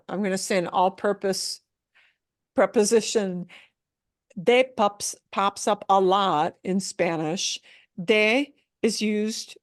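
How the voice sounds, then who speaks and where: A woman teaching a Spanish class, explaining slowly, repeating words for learners and mixing English with Spanish phrases. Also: medium pitch, no echo, clean studio sound. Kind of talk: recorded class lesson.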